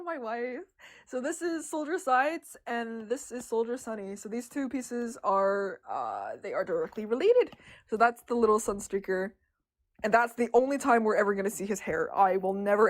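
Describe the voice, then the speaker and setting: A young woman artist chatting casually on a livestream about her drawings, excitable and giggly, laughing often. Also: mid-range voice.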